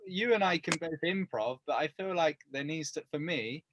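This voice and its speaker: A man co-hosting a casual podcast, tossing out deadpan absurd jokes and easy agreement. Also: fairly high pitch, moderate pace, background noise. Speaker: podcast co-host. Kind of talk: casual chat.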